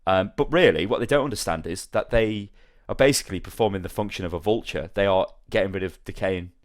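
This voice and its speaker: A man hosting a casual podcast, telling an animated story and swearing freely. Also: sits low, fast, no echo, studio quality. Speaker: podcast host. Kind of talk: casual chat.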